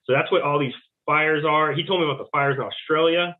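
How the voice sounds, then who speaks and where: A man's voice: a little high, fairly even intonation, fairly quick. A man speaking as a guest over the phone, rambling and full of fillers, often retelling conversations. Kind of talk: rambling phone interview storytelling. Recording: tinny phone line.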